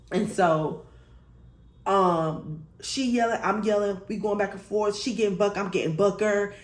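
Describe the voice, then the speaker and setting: Young woman vlogger, emphatic storytime delivery, swears freely, middle pitch, roomy echo. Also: measured pace. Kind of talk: storytime vlog.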